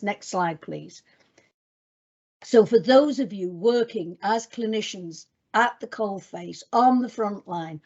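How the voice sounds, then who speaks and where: In a webinar for clinicians, a woman works through her slides, speaking directly and emphatically and calling the audience "guys." Her mid-range voice is warm, though the recording is muffled.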